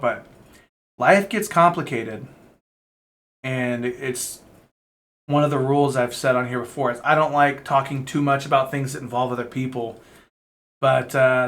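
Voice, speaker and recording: A man's voice: mid-range voice, a bit bright. Rambling young man chatting to camera. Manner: rambling and candid, sprinkled with swearing and fillers. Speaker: vlogger. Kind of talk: casual chat to camera.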